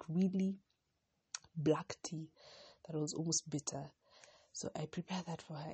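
Low husky young woman, rambling podcaster. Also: mellow, no room sound. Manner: rambling, self-interrupting, heartfelt. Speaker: podcast host. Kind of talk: casual personal podcast monologue.

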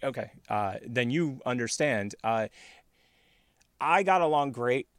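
A podcast host tells an anecdote in an easygoing, casual chat, rambling, laughing often and acting out quoted voices. His mid-range voice is animated, a little slow, clear and resonant, recorded close and dry with hardly any room sound.

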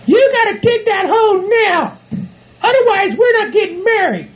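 A man voicing a bossy rancher's wife in a comedy audio skit, shouting orders and scolding. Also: very high voice, big pitch swings, moderate pace, pitched above the performer's own voice. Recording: dull lo-fi home recording, off-mic.

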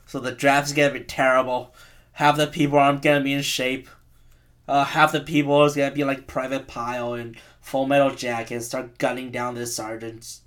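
A man's voice: medium pitch, a bit bright. A man in his twenties, host of a podcast, ranting casually in a rambling, profane, self-mocking way. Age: 20s.

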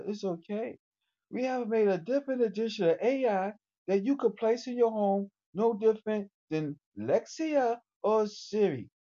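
A livestreamer putting on the voice of a self-described AI robot, calm and boastful, talking in a slow, deliberate, salesman-like way. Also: mid-range voice, dull audio, pitched above the performer's own voice, close to an everyday voice.

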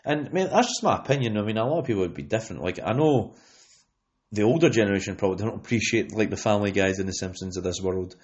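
A man's voice: fairly low pitch, expressive, fast talker, darkish tone, husky. A young Scottish man hosting a casual podcast, rambling and leaning on fillers as he talks. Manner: rambling, with many "you know what I mean" fillers. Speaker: podcast host. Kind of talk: casual chat. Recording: lo-fi podcast recording.

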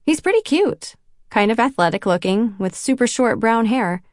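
A woman's voice: fairly high pitch, animated, normal speed, no room sound, studio quality. A woman reading a novel in first person, with a self-conscious, wry inner voice. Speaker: audiobook narrator. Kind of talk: first-person audiobook narration.

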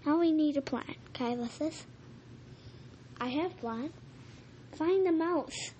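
A woman reading a children's storybook aloud, halting now and then with slips and rereads. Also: high-pitched, dark tone, a little hiss or hum. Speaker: reader.

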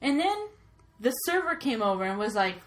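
A woman in casual chat, telling lively stories, swearing freely and acting out the people she quotes. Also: a little high, moderate pace, a little hiss or hum.

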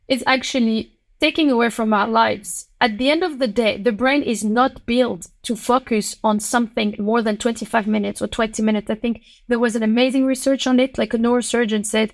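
A woman with a French accent, a lawyer speaking as a podcast guest, outspoken and emphatic. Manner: outspoken and emphatic, with sharp pitch jumps. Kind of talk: passionate podcast conversation.

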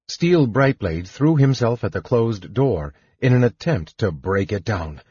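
A man narrates an audiobook in a slow, measured manner. His voice is low and husky. The dry recording sounds dull and lo-fi. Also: lively intonation, darkish tone, dry recording. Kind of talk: scripted narration.

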